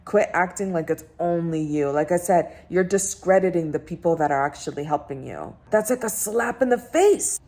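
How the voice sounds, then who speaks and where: A woman's voice: lowish voice, moderate pace, hardly any pauses. A woman vlogger, a bit drunk, ranting and telling stories in a casual chat. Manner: ranting, animated storytelling. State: tipsy.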